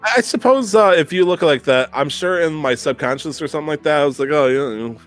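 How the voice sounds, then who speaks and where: A man's voice: fairly high pitch, quick pace, faint music behind. Profane young man telling a story. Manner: animated, profane, self-mocking storytelling. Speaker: podcast host. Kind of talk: casual storytelling chat.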